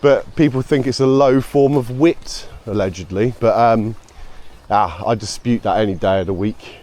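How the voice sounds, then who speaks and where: A man's voice: lowish voice, moderate pace, a little mellow. A British man chatting casually to camera while out walking his dog, rambling, with sarcastic asides. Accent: British English. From United Kingdom. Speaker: vlogger.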